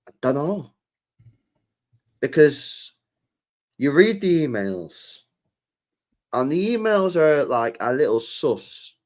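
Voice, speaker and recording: Hosting a live football stream, this man swears freely and animatedly acts out conversations he imagines. His voice is on the high side, slow, with frequent pauses.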